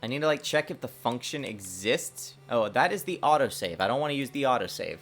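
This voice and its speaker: Lively self-mocking man streaming game dev. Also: medium pitch, brisk, soft background music. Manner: lively, self-mocking, talks to himself while working. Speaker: indie game developer streaming. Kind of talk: casual livestream dev commentary.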